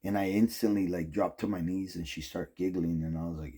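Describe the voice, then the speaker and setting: A middle-aged male vlogger rambles through a casual story, heavy on "like" and "um" and plenty of swearing. His low voice is steady, mellow and slightly rough, moving a little fast.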